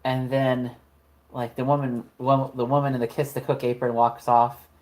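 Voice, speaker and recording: A woman's voice: rumbling low, flat delivery, moderate pace, darkish tone. A woman narrating a tabletop horror game as game master, casual and profane, with lots of "like" fillers.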